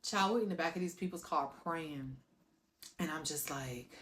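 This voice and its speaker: Low-voiced woman telling her life story. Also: moderate pace. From South Florida. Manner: animated, acts out scenes with sound effects, talks to viewers directly. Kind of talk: personal storytelling to camera.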